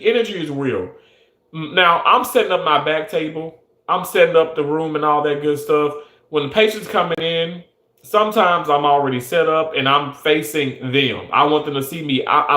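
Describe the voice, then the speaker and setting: A man's voice: on the high side, pushed and bright. Earnest man talking in an echoey room. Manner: earnest, emphatic, many restarts. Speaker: surgical technologist. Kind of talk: casual monologue.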